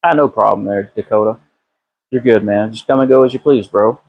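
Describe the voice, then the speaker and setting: A man's voice: on the low side, brisk, highs cut off. A man live-streaming from his garage on a phone, chatting casually with viewers by name and swearing freely. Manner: relaxed, drawling, swears freely, answers chat by name. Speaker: car builder live-streaming a transmission repair. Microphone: phone camera.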